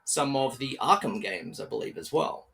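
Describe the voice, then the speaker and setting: A man's voice: mid-range voice, lively intonation, normal speed, gravelly, a bit bright, slightly rough. A man with an Australian accent hosting a casual podcast interview, chatty and upbeat, with plenty of fillers and restarts. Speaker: podcast host.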